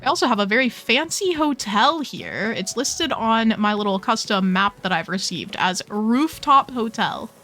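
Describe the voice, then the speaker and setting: A woman's voice: a little high, animated, normal speed, hardly any pauses, bright, forceful tone, faint music behind. A young woman hosting a casual video game tour, gushing and playful with lots of slang. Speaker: host touring game islands. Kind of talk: casual gameplay commentary.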